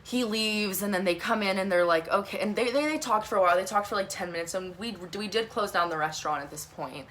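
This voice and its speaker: A young woman telling a storytime vlog, talking fast and animated, swearing a lot and saying "like" often. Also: medium pitch, a little hiss or hum. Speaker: vlogger.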